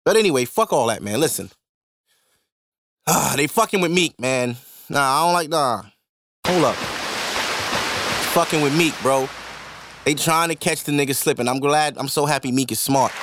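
Animated ranting man, high voice. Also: normal speed, pauses often, background noise. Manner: animated, profane ranting with swings into loud mock outbursts. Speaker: podcast host. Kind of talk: casual monologue.

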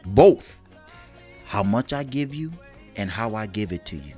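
A man co-hosting a casual chat show, animated and laughing, talking in loose street slang. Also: fairly low pitch, measured pace, soft background music. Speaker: co-host.

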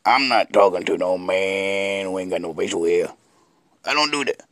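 Brief: a man playing a hot-headed mocker, sharp and swooping, dry close sound. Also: low-pitched, moderate pace, no echo. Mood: mocking. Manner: mocking, ranting. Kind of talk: comedy sketch.

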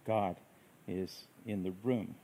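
A man preaching a sermon in a gentle, reflective way, with unhurried phrasing. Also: lowish voice, steady tone, slight background noise, rough recording. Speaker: pastor.

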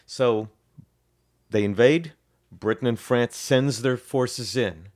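A man's voice: mid-range voice, slow, darkish tone. A man co-hosting a history podcast, casually explaining events with frequent ums, restarts and self-corrections.

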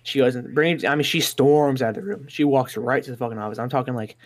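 A man's voice: mid-range voice, quick pace. A young man telling a rambling, profane story in casual chat.

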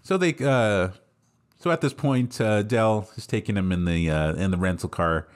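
A man's voice: on the low side, moderate pace. A man hosting a casual film review podcast, laughing often as he retells scenes. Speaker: podcast host.

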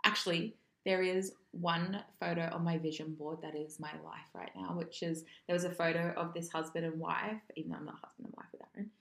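A woman's voice: lowish voice, steady tone, fairly quick, few pauses. A young woman co-hosting a podcast, chatting in an effusive, enthusiastic way. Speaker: podcast co-host. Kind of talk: casual chat. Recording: roomy echo.

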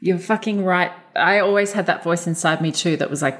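A woman's voice: on the low side, fairly quick, a bit bright. Candid, swearing woman telling stories. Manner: candid storytelling, swears freely. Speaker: podcast guest. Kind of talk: casual podcast conversation.

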